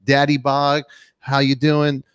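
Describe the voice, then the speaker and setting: A man's voice: mid-range voice, monotone, smooth, no echo, clean studio sound. Joking man hosting a live show. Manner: loud, joking, rapid shout-outs to chat. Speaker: podcast host. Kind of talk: lively live-stream chat.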